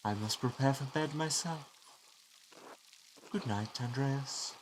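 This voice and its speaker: A man voicing a pious, gentle older village priest in a game, reading his lines in a solemn, measured way. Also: mid-range voice, slight background noise, pitched above the performer's own voice, natural voice, rough recording.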